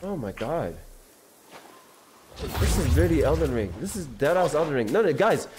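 Young male streamer talking to chat while gaming; excitable, slangy, a touch high-pitched. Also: normal speed, over music. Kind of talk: casual live-stream chat.

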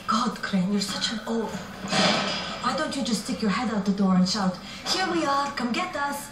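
A woman plays an exasperated, cutting female ally from a video game. Her voice sits fairly high. It comes across distant and echoey, with music in the background. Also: expressive, normal speed, very noisy, lightly acted. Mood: scolding. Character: sharp-tongued, scolding female ally.

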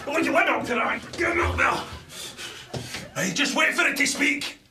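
A man's voice: very high-pitched, moderate pace, reverberant, exaggerated voice. Stubborn furious Scotsman. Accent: Scottish. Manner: blunt, shouting in frustration. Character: stubborn frustrated Scotsman stuck in a lift. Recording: loud crowd laughter and noise.

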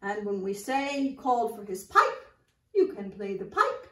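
An older woman presenting nursery rhymes to young children, talking to them in an animated, sing-song way. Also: mid-range voice, normal speed, reverberant, recorded from a distance. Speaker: children's storyteller in costume.

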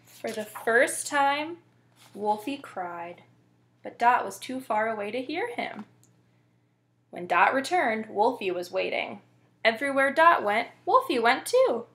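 A woman librarian reading a children's picture book aloud in an expressive, playful way. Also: on the high side, a little slow.

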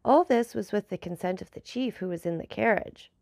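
A woman voicing a grateful, devoted male bandit messenger in a measured storybook reading. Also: medium pitch, warm tone, no echo, clean studio sound, natural voice.

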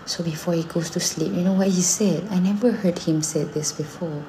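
Malaysian woman with a low, mellow voice. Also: a little fast, slight background noise. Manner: switches between English and Malay mid-sentence; animated storytelling, acting out her son's lines. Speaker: singer and mother. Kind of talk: casual chat.

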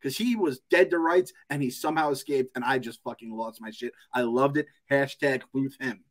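A man's voice: medium pitch, moderate pace. A young man hosting a podcast in a casual chat, ranting, swearing and laughing often. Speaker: podcast host.

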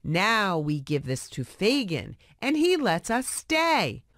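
A woman's voice: medium pitch, sing-song, takes it slowly, fairly bright tone, no echo, clean studio sound. A woman voicing a cheeky young male street pickpocket in a playful, boastful way, in a storybook reading.

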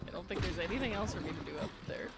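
A woman streaming a video game live, talking to the game in animated bursts of chatter. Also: fairly low pitch, rapid-fire. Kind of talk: live game-play commentary.

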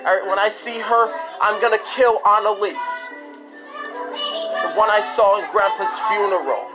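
A woman's voice: mid-range voice, normal speed, loud music behind the voice. A woman hosting a home-made radio show, ranting angrily with lots of swearing and repetition. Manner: profane, repetitive, escalating frustration. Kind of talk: angry rant.

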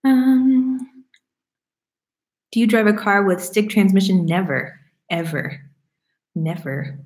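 A young woman from Florida, casually answering viewer questions at home, chatty and animated, laughing often. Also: medium pitch, takes it slowly. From Florida, United States. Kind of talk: casual Q&A chat. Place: room at home. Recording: roomy echo.

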